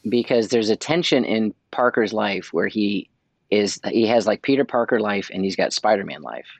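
A man co-hosting a podcast in casual chat, excitedly rambling with frequent restarts. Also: fairly low pitch, moderate pace, gravelly, no echo. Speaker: podcast co-host.

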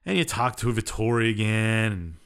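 A man's voice: fairly low pitch, lively intonation, moderate pace, a bit bright, clean tone. A man co-hosting a podcast, casually retelling a game's story in an offhand, rambling way full of fillers. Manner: rambling and offhand, with many fillers and shrugging asides. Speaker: podcast co-host.

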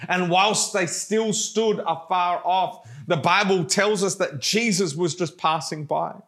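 A male pastor delivering a fervent sermon at an unhurried pace, his voice sitting a little higher than most men's. He leans on his words with passion, then sinks into soft, pleading prayer. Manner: impassioned preaching, dropping to hushed prayer.

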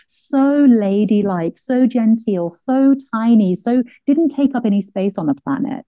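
A middle-aged woman hosting an interview, an animated storyteller who laughs often and acts out the people she quotes. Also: medium pitch, moderate pace, hardly any pauses, dry recording, rough recording. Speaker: podcast host. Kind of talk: conversational interview.

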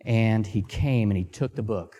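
A man preaching a sermon, reading scripture aloud and pausing to ask the congregation questions, with Amharic as his first language. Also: lowish voice, warm tone. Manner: slow, deliberate pacing with emphatic pauses. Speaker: missionary preacher.

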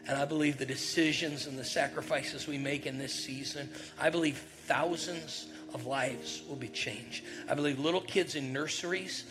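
A middle-aged man preaching a conversational sermon, telling a personal story and acting out the voices in it, with loud bursts now and then. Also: a little high, fairly even intonation, normal speed, hardly any pauses, music in the background. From northern New York. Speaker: pastor.

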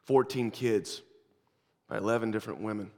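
A man doing a quiet, remorseful prison inmate. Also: lowish voice, normal speed, long reverb tail, natural voice. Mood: earnest. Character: huge remorseful jailed man, soft-spoken and earnest.

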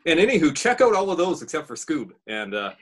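Guy, bit husky, hamming it up about tv shows. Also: fairly high pitch, fairly quick. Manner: animated, playfully dramatic. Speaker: show panelist reviewing TV. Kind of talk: casual chat.

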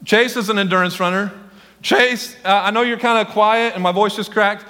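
A man preaching a sermon as senior pastor, excitable and speaking directly to his congregation. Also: high-pitched, normal speed, big-room sound. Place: church sanctuary.

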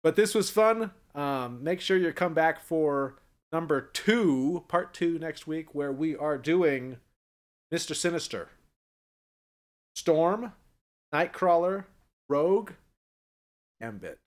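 Podcast host guy, a bit higher voice, laid back, wrapping up the show. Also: slow, pauses often. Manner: relaxed, wraps up the episode. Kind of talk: casual chat.

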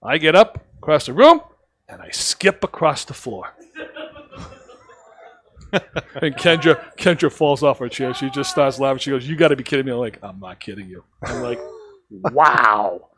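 A man's voice: a little high, moderate pace, long pauses. A man who owns a cigar shop, telling stories in a casual podcast chat and acting out the lines he quotes. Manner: animated storyteller, acts out quotes.

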